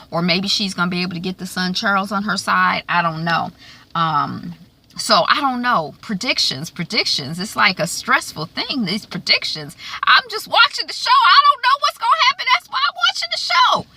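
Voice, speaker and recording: Chatty woman with a bright, gravelly voice. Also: mid-range voice. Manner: chatty, animated, with many fillers. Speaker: TV recap vlogger. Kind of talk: casual recap and predictions.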